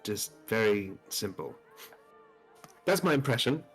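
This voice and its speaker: A man playing his character in a tabletop role-play, talking haltingly and laughing easily. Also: lowish voice, animated, a bit bright, soft background music. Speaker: player.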